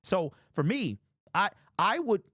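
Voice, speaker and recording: A man hosting a sports commentary channel, talking straight to his viewers in a casual, animated monologue and repeating his points. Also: high voice, slow pace, no room sound, studio quality. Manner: animated, repetitive, talks directly to viewers.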